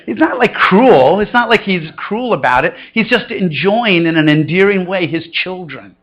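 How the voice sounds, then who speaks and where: A middle-aged pastor preaches a conversational sermon, telling funny stories in an expressive, fairly bright voice at normal speed. He acts out quoted voices with big pitch jumps, and the recording has a lo-fi sound.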